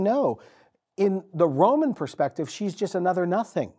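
Man, pastor, sermon, storytelling with dramatic pauses, fairly high pitch, warm tone. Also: big pitch swings, husky. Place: church.

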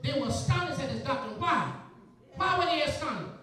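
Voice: high-pitched, sing-song, fairly quick, pushed and bright, soft background music. A preacher, delivering a rhythmic call-and-response sermon, firing questions at the congregation and repeating phrases. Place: large church sanctuary. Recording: echoey church, picked up from far off, congregation audible.

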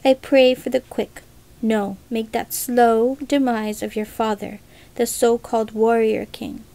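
A woman's voice: on the high side, level tone, measured pace, warm tone. A woman voicing a defiant, proud young village man who speaks boldly and mockingly in a storybook reading. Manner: bold, mocking.

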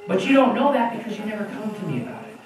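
Heard from a distance in an echoey room with an audience and background noise, a pastor preaches to his congregation in a high, rapid-fire voice. He tells animated stories and slips in jokes along the way.

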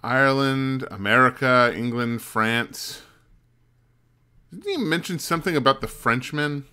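A man's voice: mid-range voice, expressive, measured pace, sharp tone, clear, resonant tone. A man streaming a mystery game, thinking aloud and muttering as he puzzles things out. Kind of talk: casual let's-play commentary.

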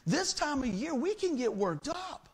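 A man's voice: extremely high pitch, sing-song, measured pace. A middle-aged man preaching a sermon in a church as pastor, telling stories with humor and acting out the voices in them. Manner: folksy storytelling, acts out quoted voices, jokes with congregation.

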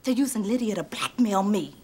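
An actress playing a bossy, dramatic high-school teacher in a TV sitcom, theatrical and whiny when she pleads. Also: expressive, a little fast, background noise, lightly acted. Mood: distressed. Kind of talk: sitcom acting.

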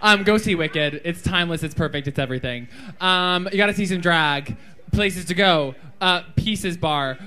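A man, a drag queen answering fan questions at a live viewing party, giggly, excitable and silly. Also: fairly high pitch, moderate pace.

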